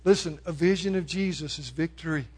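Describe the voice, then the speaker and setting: A man with a high-pitched voice preaches a sermon with dynamic delivery. He rises to loud, ringing proclamations, then drops to hushed, pleading appeals. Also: fairly quick, slightly rough.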